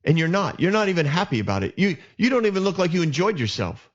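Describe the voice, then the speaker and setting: A man's voice: high voice, very animated, fast, lo-fi sound. A man voicing an arrogant, self-pitying young prince who blames everyone else, talking in a petulant, rambling way. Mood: contemptuous.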